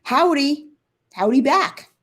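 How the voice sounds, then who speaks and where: A woman's voice: high-pitched, slow pace. A woman with a Brooklyn accent, co-hosting a live camping stream, chatting casually and reading out viewer comments. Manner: chatty, animated, laughs at herself. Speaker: co-host of a camping livestream.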